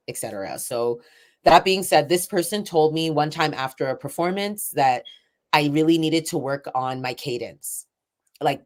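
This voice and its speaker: A woman poet and event organizer talks through her story in a low voice. She is candid and self-described shy, drifting through fillers and soft laughs as she thinks aloud. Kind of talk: reflective interview conversation.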